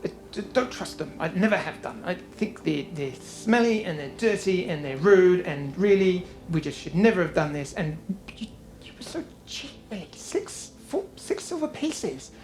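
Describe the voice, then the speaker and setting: A woman voicing a small, scornful male pixie who complains in a high, huffy voice. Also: big pitch swings, normal speed, a little mellow. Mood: grumbling. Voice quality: high squeaky voice.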